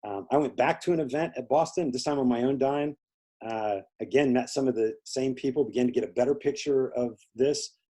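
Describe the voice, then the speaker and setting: Speaking a little fast with a warm, medium-pitched voice, this Indiana man is an interview guest spinning a lengthy tale. He rambles with plenty of fillers and performs the voices of those he quotes, all in a casual conversational style.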